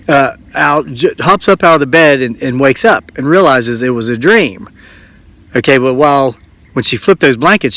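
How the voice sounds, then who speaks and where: A man vlogging from his old homestead, casually retelling a story and acting out the voices in it. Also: medium pitch. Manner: animated retelling, acts out quoted voices. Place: old farmhouse.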